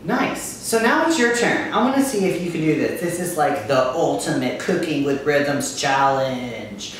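Woman, kindergarten music teacher, lively sing-song delivery, slow and clear, echoey kitchen, mic far off, faint music. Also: low-pitched, slight background noise. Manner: upbeat and encouraging, chants words to a steady beat. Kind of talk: children's lesson, call and response.

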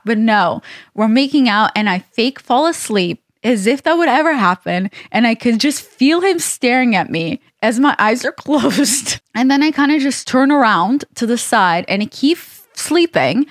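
A young adult woman hosting a podcast, telling a personal story in an animated, laughing, expressive way. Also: a little high, normal speed, no room sound, studio quality. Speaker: podcast host. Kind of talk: casual storytelling chat.

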